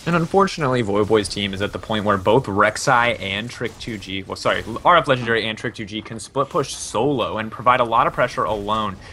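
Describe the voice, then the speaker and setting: A man's voice: on the low side, fairly quick, hardly any pauses, pushed and bright, a little hiss or hum. A man giving live esports color commentary, breaking down the play analytically with casual fillers. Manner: analytical, with frequent um and you know.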